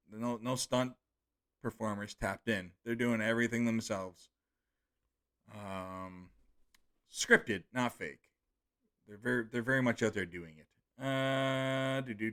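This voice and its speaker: A man's voice: medium pitch, a little slow, a bit bright. Casual man reading chat comments. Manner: casual and offhand, swears freely, stumbles over names. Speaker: streamer reading viewer comments. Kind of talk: casual live-stream chat.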